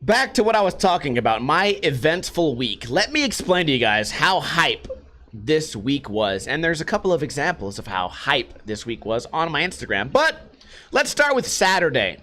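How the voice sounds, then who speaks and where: High-voiced animated man, swearing. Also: normal speed. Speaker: vlogger. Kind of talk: casual profane storytelling.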